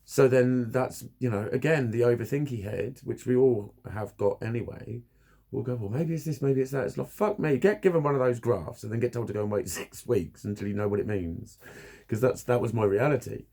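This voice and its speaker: A man's voice: mid-range voice, moderate pace, creaky, mellow. A man talking candidly to camera about his therapy, blunt and swearing constantly, laughing at himself now and then. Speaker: vlogger. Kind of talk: candid personal talk to camera.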